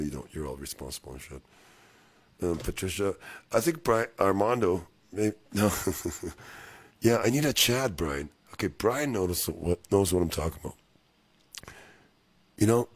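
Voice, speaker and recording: Drunk, rambling man with very low voice. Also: breathy edge. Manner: rambling, profane, joking to chat viewers. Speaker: livestream musician. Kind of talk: rambling livestream chat.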